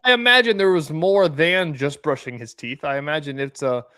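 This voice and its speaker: A young man co-hosting a radio show, relaxed and teasing, with a slightly high voice. His talk is casual. The studio mic sounds dry. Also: brisk, no echo. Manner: teasing, laid-back. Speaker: radio sports show co-host.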